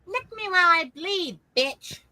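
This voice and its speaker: A woman's voice: very high-pitched, animated, a little slow, pushed and bright, no echo. A woman co-hosting a casual party-game chat, teasing the others and blurting out swear words. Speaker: podcast co-host.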